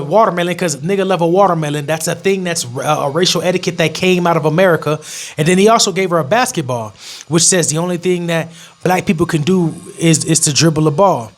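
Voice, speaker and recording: Blunt, profane young man, high voice. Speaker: vlogger. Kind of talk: casual opinion rant to camera.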